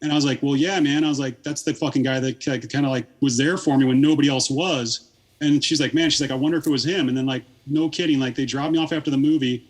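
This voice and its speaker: A podcast guest in his thirties, speaking fast in a steady, mid-range voice, tells a long story. His talk is casual and rambling, packed with swearing and filler words.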